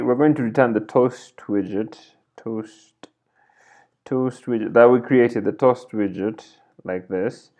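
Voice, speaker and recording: Seated at a computer indoors, a man teaching a coding screencast speaks with a medium-pitched, slightly mellow voice over lo-fi sound. As he types he thinks aloud, peppering his explanation with "right?" and "like this".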